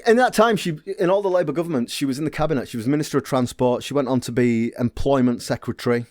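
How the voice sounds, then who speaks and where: Male co-host, middle pitch, dry close mic, wry and well-researched. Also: fast, no room sound. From Britain. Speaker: podcast co-host. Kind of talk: casual chat.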